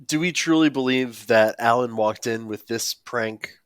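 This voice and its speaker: A man's voice: medium pitch, measured pace, smooth, no room sound. A man co-hosting a casual podcast chat, dry and questioning. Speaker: podcast co-host.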